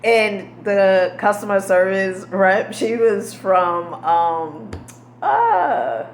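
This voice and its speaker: A woman telling a story in a lively vlog, sassy and emphatic, calling the listener "honey" and "girl.". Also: mid-range voice, very slow. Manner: sassy, emphatic, says "honey" and "girl" often, dialect grammar. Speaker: motivational vlogger. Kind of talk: animated storytelling monologue. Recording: echoey room with faint ambient noise.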